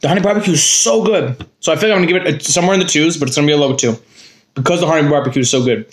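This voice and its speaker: A man's voice: a little high, very fast. A man casually reviewing chips in a vlog, talking in a blunt, rambling, jokey way. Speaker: snack reviewer.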